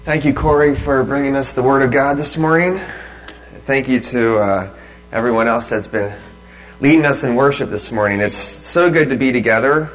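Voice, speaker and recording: A man speaking as a pastor, thanking people and leading a sermon in a relaxed, halting way with many pauses and fillers. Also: medium pitch, faint music behind, poor audio.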